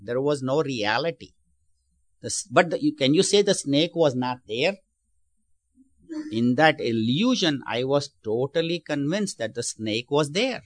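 A man's voice: medium pitch, a bit bright, dry recording. A man teaching a spiritual lesson in a sermon style, explaining patiently, asking his listeners questions, and often restarting his phrases. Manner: explanatory, asks the audience questions.

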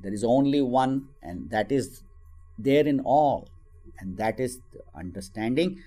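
Man giving an animated spiritual discourse. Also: medium pitch, a little slow, faint music behind. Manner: animated storytelling, acts out voices in quotes. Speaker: spiritual teacher. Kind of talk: scripture discourse with a story.

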